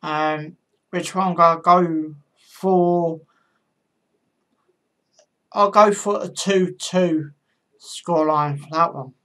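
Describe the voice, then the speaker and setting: A woman's voice: fairly low pitch, fairly even intonation, slow pace, pauses often, a bit bright. A woman hosting her own football channel, talking through match predictions in a casual, hesitant way with frequent ums and self-corrections. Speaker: football pundit channel host.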